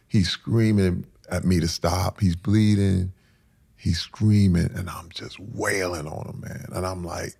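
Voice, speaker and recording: On a podcast, a middle-aged male guest recounts an emotional personal story in a deep, gravelly voice. The tone is steady and the pace a little slow, but the delivery is intense, dropping to a hush and then rising loud as he performs other people's words.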